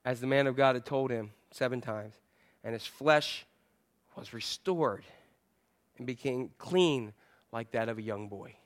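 A male pastor preaching a sermon in a church, animated and playful, repeating phrases to drive a point home. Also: mid-range voice, measured pace, long pauses.

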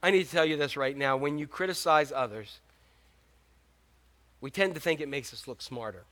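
A pastor in middle age delivers a sermon with a high, bright, ringing voice. He is animated and jokey, slipping into quick acted-out asides as he tells his stories.

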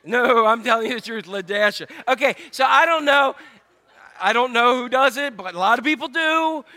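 A man's voice: very high voice, animated, moderate pace, bright, forceful tone. An older man preaching a sermon, joking and putting questions straight to his congregation. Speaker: pastor.

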